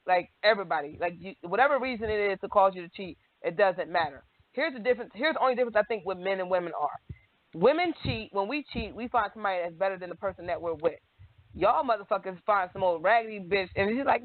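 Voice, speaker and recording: A woman's voice: mid-range voice, quick pace, no room sound. A woman co-hosting a radio talk show, blunt and profane, acting out other people as she talks. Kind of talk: casual frank chat. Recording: phone-like narrow sound.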